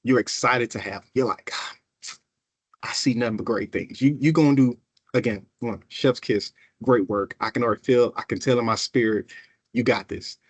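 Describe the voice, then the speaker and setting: A man presenting a workplace training in a casual, animated way, acting out coworkers' voices as he goes. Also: medium pitch, normal speed, husky, no echo. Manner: animated, conversational, acts out coworkers. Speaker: equity officer presenting a workshop.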